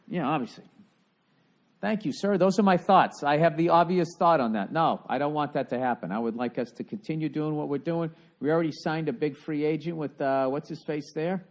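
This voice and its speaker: A Boston man hosts a casual solo podcast, delivering a rambling rant that's sarcastic and full of swearing. His voice is medium in pitch and a little mellow.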